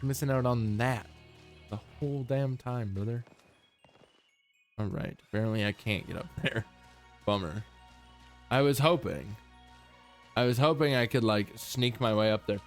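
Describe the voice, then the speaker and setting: Young man, game streamer, casual joking commentary, unhurried, faint music behind. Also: expressive. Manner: laid-back, jokey, breaks into high yelps and silly humming.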